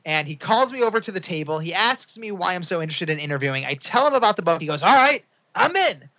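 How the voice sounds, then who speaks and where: A young man, an author guest on a podcast, telling a story with energy and acting out the quoted lines in a higher, excited voice. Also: fast. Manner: acts out quotes in a high excited voice. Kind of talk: animated storytelling. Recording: dull lo-fi sound.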